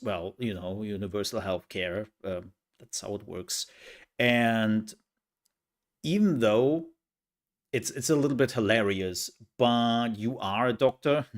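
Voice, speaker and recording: A young man chatting casually to his livestream viewers, rambling with lots of fillers and laughs. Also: lowish voice. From outside the US, from a country with universal healthcare. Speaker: streamer.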